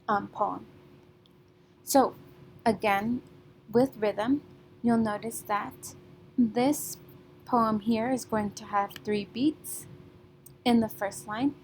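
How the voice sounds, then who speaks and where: A woman teaching a class remotely, patient and methodical, often checking in with "okay?" and clearing her throat now and then. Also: mid-range voice, a little mellow, slight background noise, poor audio.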